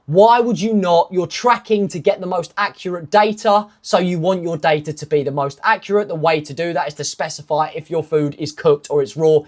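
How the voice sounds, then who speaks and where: A man's voice: on the high side, a little fast, few pauses, a little mellow. A man, a fitness coach, talking casually through nutrition rules in step-by-step lists, with self-mocking asides. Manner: emphatic, stepwise lists of rules. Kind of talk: casual instructional talk.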